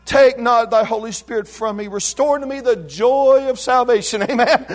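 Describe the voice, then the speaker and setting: A man preaching an impassioned revival sermon in church, shouting some lines and dropping to a hush on others, calling the congregation to answer back. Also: extremely high pitch, normal speed. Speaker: pastor. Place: church sanctuary.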